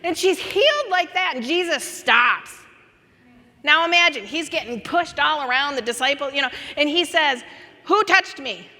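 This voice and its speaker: An American woman giving a conference teaching in a church, telling Bible stories with lively acted-out voices and laughter. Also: sits high, moderate pace, big-room sound. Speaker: conference speaker. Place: church auditorium.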